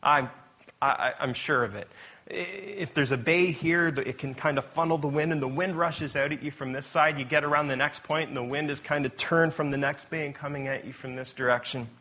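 Man, pastor, conversational sermon, bright forceful tone, self-correcting storyteller. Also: fairly high pitch, fairly quick.

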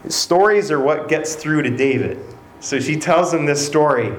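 A man's voice: mid-range voice, animated, moderate pace. A man preaching a sermon in a storytelling way, slipping into the characters' lines as he goes. His mid-range voice rings through a roomy hall, with faint ambient noise underneath. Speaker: pastor. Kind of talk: sermon retelling a Bible story.

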